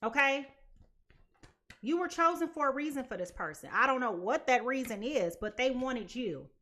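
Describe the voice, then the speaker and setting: A young adult woman talks through a live tarot reading to her viewers. Her voice sits high and swings widely in pitch, and she keeps it chatty and animated, acting out quoted voices along the way. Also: moderate pace. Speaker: tarot reader.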